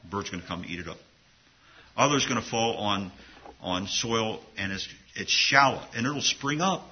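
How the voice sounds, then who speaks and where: A man's voice: fairly low pitch, normal speed, dull audio, slight background noise. A man preaching a sermon to his congregation in an earnest, conversational way, often restarting his phrases. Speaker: pastor.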